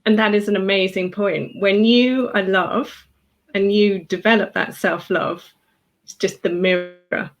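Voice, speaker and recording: A woman hosts a podcast interview in a mid-range voice. She affirms her guest warmly and asks questions. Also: medium pitch, steady tone, unhurried. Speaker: podcast host.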